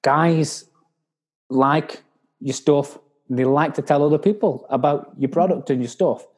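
A man's voice: a little high, a little slow, a little mellow. A man hosting a podcast, talking bluntly with some swearing and acting out what other people say. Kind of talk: casual chat.

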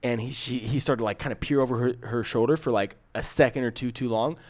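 A man's voice: medium pitch, fairly even intonation, quick pace, a little mellow. A man co-hosting a podcast, telling a story in casual chat and acting out the quotes, with many restarts. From San Francisco area. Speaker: podcast co-host.

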